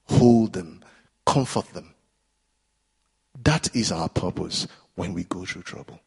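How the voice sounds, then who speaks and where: A man's voice: low voice, lively intonation, slow, vocal fry, a little mellow, husky. A man preaching a sermon in a church, earnest and exhorting, repeating phrases as he builds intensity.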